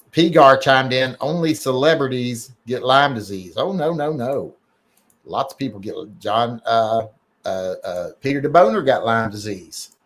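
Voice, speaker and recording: A man hosting a casual live stream, reading emails and chat, rambling and joking with many fillers and restarts. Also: mid-range voice.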